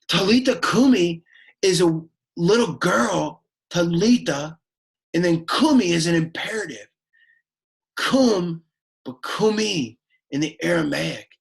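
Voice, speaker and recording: Brief: man putting on a bored, sulky teenage boy teaching Latin, slow, croaky, very husky drawl. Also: a little high, heavily acted. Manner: deadpan, whiny, easily annoyed. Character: sullen awkward teenage boy, exasperated and bored. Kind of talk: Latin lesson in character.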